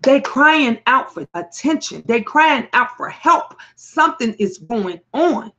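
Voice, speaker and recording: A woman hosting a talk stream and reading viewers' comments, speaking emphatically and bluntly with sudden loud rises and some swearing. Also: sits high, expressive, takes it slowly, dull audio.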